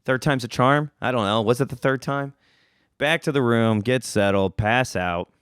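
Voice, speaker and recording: A man's voice: medium pitch, normal speed, fairly bright tone, clean tone, dry recording, studio quality. A young man hosting a podcast, telling a story in a casual, rambling way, swearing freely and restarting his sentences. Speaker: podcast host.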